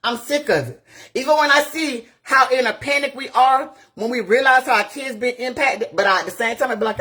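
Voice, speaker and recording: A woman's voice: high voice, fairly quick, fairly bright tone, breathy edge. A woman community activist from Florida, ranting bluntly and profanely on a live phone video and firing off rhetorical questions. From Gainesville, Florida. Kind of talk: impassioned live-video rant.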